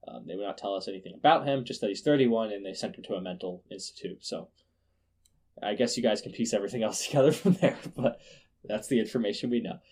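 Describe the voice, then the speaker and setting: A man hosting a casual news podcast, sarcastic and quick to laugh, often restarting his words. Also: on the low side, a little mellow, husky. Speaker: podcast host.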